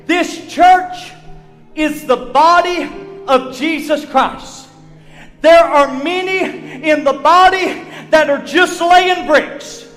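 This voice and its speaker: High-voiced preacher in a reverberant hall. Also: male voice, slow pace. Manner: preaching with surges from shouts to hushed tones. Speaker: pastor. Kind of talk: sermon. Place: church sanctuary. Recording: long hall reverb with faint music.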